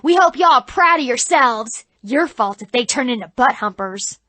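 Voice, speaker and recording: A woman's voice: high voice, lively intonation, normal speed, a bit bright, no room sound. A woman voicing a furious churchgoing mother of four, screeching and scolding. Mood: screaming.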